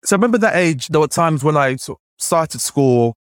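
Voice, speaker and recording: On a podcast, a male guest from Nigeria shares his story conversationally, packing his animated talk with "like." He mimics recalled voices, so his pitch bounces up and down. His pace is fairly quick, and the audio is dry and close-miked with no sense of a room.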